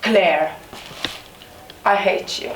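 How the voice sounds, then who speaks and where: Drawing out her words in a mid-range voice, an actress plays a scornful, fierce young maid, bitter and resentful, on a small theatre stage. She mocks with sarcasm and swings into sudden outbursts, heard through a distant room mic in the echoey space with faint noise.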